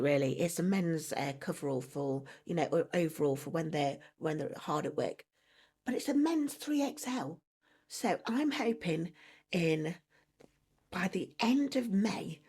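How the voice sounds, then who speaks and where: A woman's voice: deep voice, a little mellow, slightly rough. A woman talking casually to camera in a vlog, chatty and digressive, often breaking into laughter. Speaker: vlogger.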